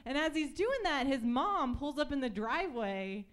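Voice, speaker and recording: A woman's voice: sits high, lively intonation, normal speed. A young woman telling stories in a stand-up comedy set on a club stage, chatty with lots of fillers and acted-out voices.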